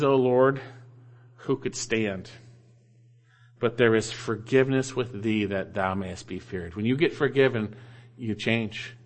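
Explaining scripture one verse at a time, this male pastor delivers a sermon that alternates between emphatic climbs and soft, low finishes.

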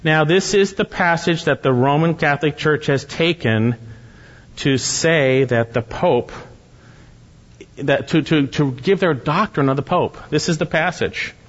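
A man's voice: fairly high pitch, unhurried, big-room sound, dull audio. A man preaching an expository sermon, earnest and teaching through rhetorical questions. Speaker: pastor.

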